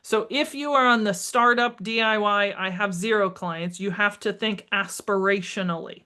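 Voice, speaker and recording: A middle-aged woman, a marketing strategist, talking as a podcast guest, energetic and emphatic, acting out bits of dialogue. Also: mid-range voice, normal speed, smooth. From United States. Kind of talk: conversational interview.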